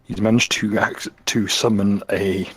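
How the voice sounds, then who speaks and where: A man's voice: on the low side, steady tone, unhurried, no room sound. A man narrating a tabletop game as game master, describing scenes with small restarts.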